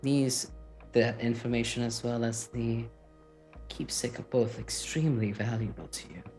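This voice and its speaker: A man voicing a plump, scheming male courtier in a tabletop game, speaking in a hushed, wheedling way. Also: mid-range voice, steady tone, soft background music, natural voice. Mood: sly. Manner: wheedling, hushed, drawn-out fillers.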